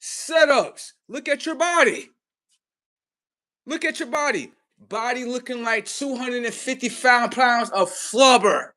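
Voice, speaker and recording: A man hosting a livestream, swearing heavily in a mocking rant that swings between loud high outbursts and low muttering. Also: slow pace. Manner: heavy swearing, mocking, talks at the audience. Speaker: livestream host.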